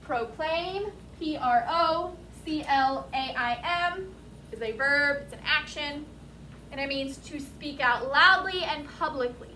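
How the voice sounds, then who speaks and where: A woman teacher leading a vocabulary lesson for a class, speaking slowly and deliberately and spelling words out letter by letter. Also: high-pitched, bright, forceful tone, slight background noise. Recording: echoey classroom, mic at a distance.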